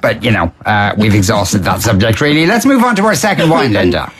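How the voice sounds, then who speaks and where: A man hosting a radio talk show from the studio, relaxed and joking. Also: fairly low pitch, brisk, husky. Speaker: radio host.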